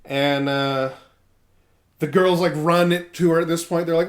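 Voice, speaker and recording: A man's voice: fairly high pitch, steady tone, unhurried. A man co-hosting a casual podcast, animatedly retelling a story and slipping into quoted voices as he goes. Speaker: podcast co-host recapping a manga. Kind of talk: casual chat.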